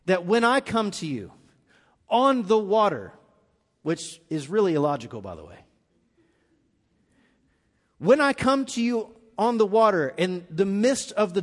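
A man preaching a live sermon, his voice pitched high for a man and ringing through a large hall with a long reverb. He tells the story vividly, acting out the quoted lines and building in intensity as he goes. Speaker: pastor. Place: church auditorium.

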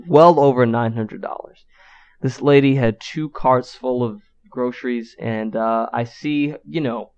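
A man's voice: medium pitch, darkish tone, clean tone. Male podcast co-host, mid-range voice, casual profane storyteller, muffled recording. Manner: loose, profane, filler-heavy.

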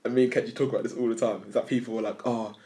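Fast-talking young man. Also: mid-range voice. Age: young adult. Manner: rambling, swears, animated storytelling. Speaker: podcast co-host. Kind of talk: casual chat.

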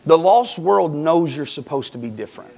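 A man preaches with an emphatic, repetitive delivery and calls out to listeners directly. His voice sits high and swings widely between loud pushes and soft drops. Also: lively intonation, normal speed, vocal fry. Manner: emphatic, repeats phrases, direct address to the congregation. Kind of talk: sermon.

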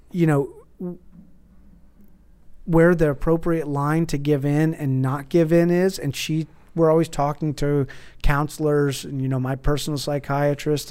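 A man's voice: fairly high pitch, darkish tone, clean tone. A man in casual chat, telling a long story with many restarts and false starts.

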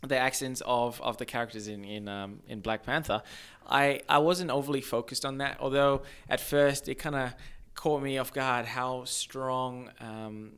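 Animated, rambling man chatting about film. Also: mid-range voice, unhurried, smooth. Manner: animated, rambling, many restarts. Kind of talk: casual film discussion.

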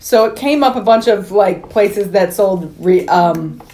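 A woman chatting on a movie podcast, dropping wry, teasing remarks about the film. She talks in a relaxed, conversational way. Her voice sits in a middle pitch. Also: a little slow. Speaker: podcast co-host. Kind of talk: casual movie chat.

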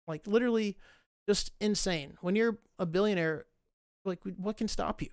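A man's voice: high-pitched, normal speed, clean tone, no room sound, clean studio sound. A man ranting casually about the country, profane and sarcastic, getting worked up as he talks. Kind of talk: casual rant.

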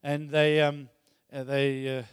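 A man preaches slowly in a mid-range, monotone voice that is clear and resonant, recorded cleanly in studio with long hall reverb. He tells scripture in casual, everyday words and reads passages aloud with increasing force.

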